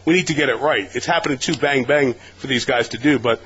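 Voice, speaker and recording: A man speaking as a guest on a sports talk radio show, with a measured, analytical delivery. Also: mid-range voice, a bit bright, a little hiss or hum. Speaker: guest broadcaster. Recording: slightly dull radio recording.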